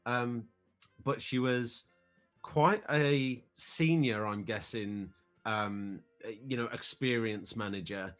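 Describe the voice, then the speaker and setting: A man's voice: mid-range voice, takes it slowly, fairly bright tone, clear, resonant tone, faint music behind. A British man in his thirties, a podcast guest telling a family trip story in a casual, rambling way, often repeating words as he starts sentences. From United Kingdom.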